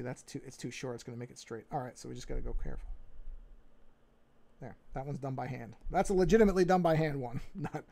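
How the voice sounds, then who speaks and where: A man with a New York accent, livestreaming as he draws, thinking aloud in a relaxed way, muttering to himself and correcting his own moves. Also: medium pitch, vocal fry. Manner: talks to himself, muttering and repeating phrases. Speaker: livestreaming artist. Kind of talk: casual think-aloud commentary while drawing.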